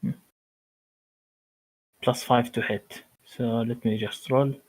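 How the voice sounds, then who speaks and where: Slow, hesitant male player. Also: medium pitch, steady tone, husky, rough recording. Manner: slow, hesitant, many fillers. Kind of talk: tabletop game play.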